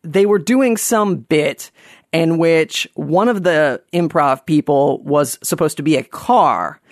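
A man telling a personal story to an audience in a self-mocking, halting way, with many restarts. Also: fairly high pitch, dry recording, clean studio sound.

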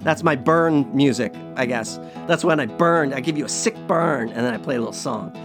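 A man's voice: medium pitch, moderate pace, music in the background. A man telling stories in a casual, rambling, self-mocking monologue as a podcast host.

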